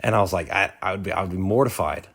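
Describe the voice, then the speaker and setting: A man in the audience gives earnest spoken testimony at length, rambling with many restarts and fillers. His voice is deep and a bit bright, and he talks very fast.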